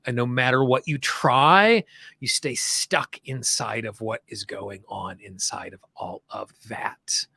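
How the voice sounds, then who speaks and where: Bright-voiced man guiding a tapping session. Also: mid-range voice, vocal fry, breathy edge, no echo. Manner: slow, soothing affirmations; informal, chatty asides. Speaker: tapping coach. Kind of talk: guided tapping session, call and repeat.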